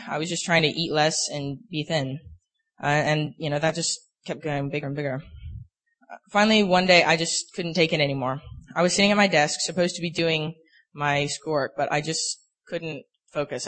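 A young man giving a personal faith testimony, earnest and halting, with many filler words. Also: fairly high pitch, a bit bright. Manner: earnest, halting, full of "you know" fillers. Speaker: speaker sharing a personal testimony.

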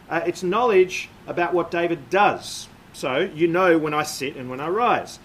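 A man preaching a sermon, with a voice pitched a little above average. He talks in a measured, explanatory way, pausing on "uh" and "um". A faint hiss of noise sits under the voice. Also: fairly bright tone, low-quality recording. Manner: measured, explanatory, frequent "uh" and "um" fillers.

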